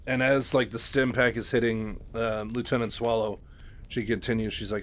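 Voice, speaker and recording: A man's voice: medium pitch, fairly even intonation, moderate pace. A man casually retelling a novel, loose and full of fillers. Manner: loose, filler-heavy, lots of "like". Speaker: book retelling host.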